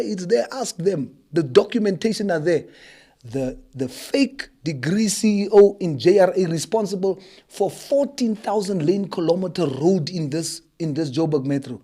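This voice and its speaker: A man's voice: high voice, darkish tone. A man with a South African accent speaking as a politician guest, fiery and rhetorical, firing off questions and mixing Afrikaans phrases into his talk.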